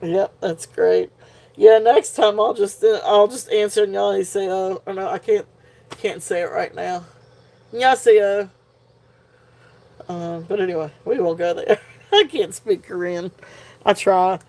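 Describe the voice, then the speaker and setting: A woman's voice: mid-range voice, expressive, measured pace, dark tone. A woman hosting a live jewelry sale in casual chat, tired and punch drunk, giggling often as she talks. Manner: giggly, laughs often while talking.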